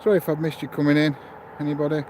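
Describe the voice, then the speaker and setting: A man's voice: fairly high pitch, flat delivery, very fast, a little mellow, slight background noise, rough recording. A man hosting a live ghost-hunt stream outdoors by a road, chatting casually and greeting his viewers by name. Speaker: paranormal investigator streaming live.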